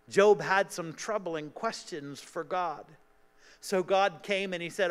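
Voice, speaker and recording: A man's voice: high voice, slow, fairly bright tone, smooth. A male pastor preaching a sermon emphatically, raising his voice for quoted lines. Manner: emphatic preaching, voice rises on quotations. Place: church sanctuary. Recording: church sanctuary with long reverb.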